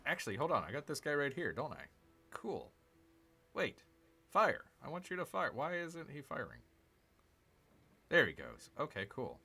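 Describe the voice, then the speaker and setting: A man's voice: mid-range voice, gravelly, pushed and bright. A man hosting a gaming channel, casually talking himself through a strategy game, cheering and groaning at each move.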